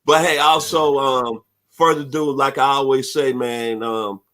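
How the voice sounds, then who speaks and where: Man, sports radio host, heartfelt, shouts out his team, mid-pitched voice. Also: steady tone, a little slow. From Memphis, Tennessee. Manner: heartfelt, preacher-like shout-outs. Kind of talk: casual sports radio talk.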